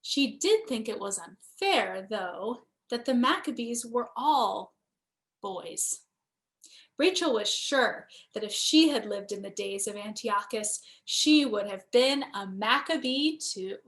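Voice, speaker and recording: A woman, a cantor, gently and expressively reading a children's bedtime story aloud. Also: a little high, animated, slow.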